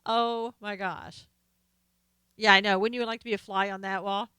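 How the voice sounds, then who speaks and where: A middle-aged woman hosting a casual live stream, chatting with viewers and reading their comments, excitable, laughing and exclaiming often. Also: medium pitch, fast talker, clear, resonant tone, dry recording.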